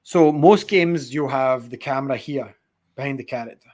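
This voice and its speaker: A man chats casually about a video game as a co-host. He rambles, swears freely and tells the story in an animated way, at a middling pitch for a man. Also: moderate pace. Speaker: podcast co-host.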